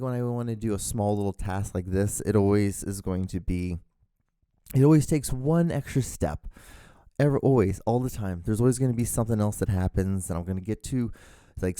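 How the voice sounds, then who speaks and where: This solo podcast host, a young man with a California drawl though born abroad, has a lowish, dark, clear and resonant voice. He rambles casually, leaning on fillers and correcting himself mid-thought. The sound is dry and cleanly recorded in a studio.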